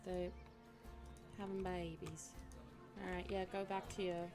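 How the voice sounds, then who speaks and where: A woman's voice: lowish voice, little pitch movement, unhurried. A woman chatting casually while streaming a game, talking back to her viewers. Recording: music playing behind the voice.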